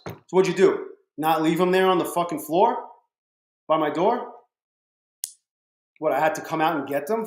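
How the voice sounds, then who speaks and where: A man's voice: on the high side, normal speed, pauses often. Profane man streaming from a roomy room. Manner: profane, talks to chat viewers by name. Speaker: livestream trading host. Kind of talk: casual live-stream chat. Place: home room. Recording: roomy echo.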